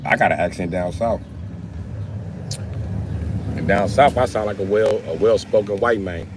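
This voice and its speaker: Man, Milwaukee accent, livestream host, crude and rambling, lowish voice, faint background noise. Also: a little slow. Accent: Milwaukee, Wisconsin. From Wisconsin. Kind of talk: casual livestream chat.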